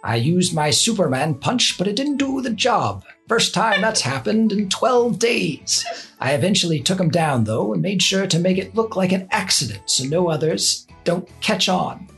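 A podcaster doing a gravelly assassin pirate. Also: medium pitch, big pitch swings, moderate pace, a bit bright, soft background music, pitched above the performer's own voice. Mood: boastful. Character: male assassin pirate telling his backstory. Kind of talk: podcast pirate character bit.

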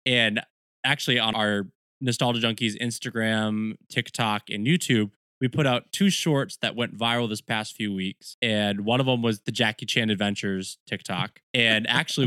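A man's voice: mid-range voice, bright, forceful tone, no echo, studio quality. A man co-hosting a podcast in casual chat, steadily running the segments and giving his opinions. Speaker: podcast co-host.

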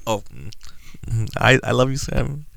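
A man's voice: medium pitch, expressive, brisk, fairly bright tone, no echo, clean studio sound. A man hosting a casual podcast, rambling through stories and laughing often as he drifts off topic. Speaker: podcast host.

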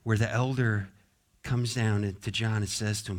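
A man preaching a sermon as pastor, moving between soft, gentle consoling passages and emphatic, repeated declarations. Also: fairly low pitch, fairly even intonation, moderate pace.

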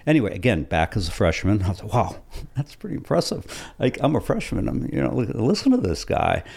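Man, low gravelly voice, lively up-and-down delivery, stumbles over words. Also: fast. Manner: animated, repeats words. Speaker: guest. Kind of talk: casual recollection.

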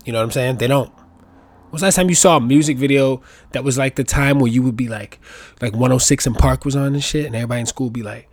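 A man's voice: medium pitch, quick pace, no echo. Rambling, profane young man podcasting. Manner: profane, rambling, jokey asides. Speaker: podcast host. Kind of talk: casual rambling monologue.

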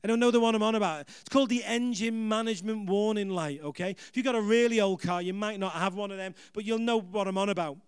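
A man preaching a sermon, energetic and rousing, building up to shouts and laughing at himself along the way. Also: high-pitched, fast talker, few pauses, clear, resonant tone, no room sound. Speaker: pastor.

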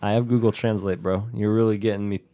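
A man's voice: fairly low pitch, steady tone, fast, dark tone. Joking laughing podcast guy. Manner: joking, laughs often, rambling bits. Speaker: podcast co-host. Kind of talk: casual comedic chat.

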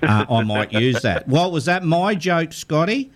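A man's voice: fairly high pitch, very animated, unhurried. An Australian man hosting a radio fishing show in casual chat, joking and rambling through stories with restarts.

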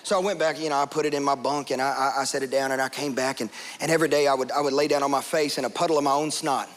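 A man preaching a sermon as a pastor, telling a personal story in an animated way and acting out the voices of people in it. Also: medium pitch, very fast.

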